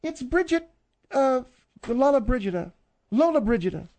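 A woman's voice: sits high, big pitch swings, normal speed, dark tone. An older woman co-hosting a radio show, bantering in a bossy, teasing way. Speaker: radio co-host.

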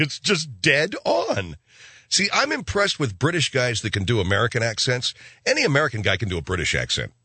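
Sarcastic radio guy rambling on air, bright voice that swings all over, dry close mic. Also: medium pitch, slightly rough, no room sound. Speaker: radio talk show host. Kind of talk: talk radio monologue.

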